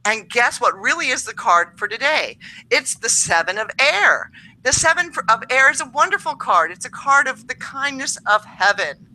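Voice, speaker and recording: A woman's voice: high voice, sing-song, moderate pace, pushed and bright, poor audio. A woman co-hosting a casual astrology show, reading tarot cards in a chatty, upbeat way with lots of fillers. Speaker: tarot reader co-host.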